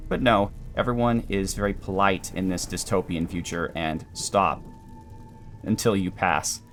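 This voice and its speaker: A man giving calm, dry, explanatory commentary while playing a video game. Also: lowish voice, moderate pace, soft background music. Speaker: gameplay commentator. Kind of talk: let's play commentary.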